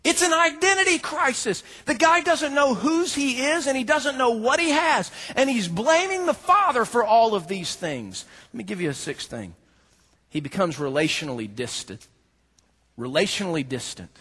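Husky preacher in a reverberant hall. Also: male voice, very high voice, very animated, normal speed. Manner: dynamic preaching, swings from hushed to shouting. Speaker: pastor. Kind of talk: sermon. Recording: echoey hall, long reverb.

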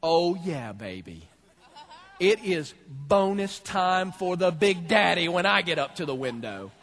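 A man voicing a cocky, slangy male vineyard laborer in a sermon, with a husky voice and a swaggering delivery. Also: a little high, big pitch swings, fast, a bit bright, pitched below the performer's own voice, heavily acted. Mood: gloating.

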